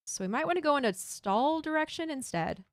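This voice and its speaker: A woman streams Minecraft, chatting casually and thinking aloud as she builds and reads chat. Her voice is high-pitched, animated and a little fast, captured in studio-quality audio with no echo.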